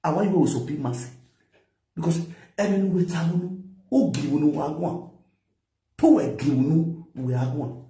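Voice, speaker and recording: A man's voice: on the high side, measured pace, long pauses, mellow, roomy sound. A man with a Nigerian accent, lecturing and scolding in a commentary, mixing pidgin with a local language. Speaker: social media commentator.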